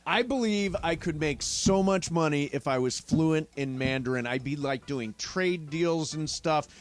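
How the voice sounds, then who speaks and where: A middle-aged man co-hosting a sports talk radio show, jokey and animated. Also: fairly high pitch, measured pace, faint music behind. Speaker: radio co-host.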